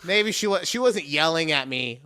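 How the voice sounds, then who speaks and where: A man in his forties co-hosting a casual podcast, telling stories with big animated rants and swearing. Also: on the high side, normal speed, clean tone, no room sound, studio quality. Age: 40s. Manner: animated storytelling, rants with profanity. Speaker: podcast co-host. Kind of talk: casual chat.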